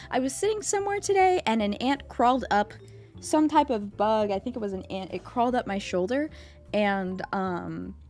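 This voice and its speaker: A woman streamer chatting casually with her viewers live, excitable, swearing freely and laughing often, rambling and repeating herself. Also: fairly high pitch.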